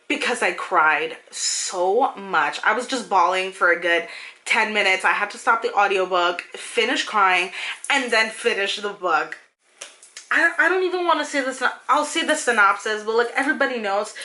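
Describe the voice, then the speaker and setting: In a casual vlog, a young woman gushes emotionally about her favorite books, talking directly to her viewers with plenty of fillers and sudden bursts of speed. Her medium-pitched voice is bright and forceful.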